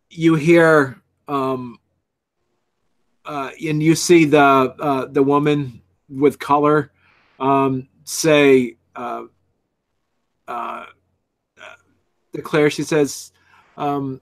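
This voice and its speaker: A man narrating a tabletop game as game master, halting and full of restarts. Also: a little high, steady tone.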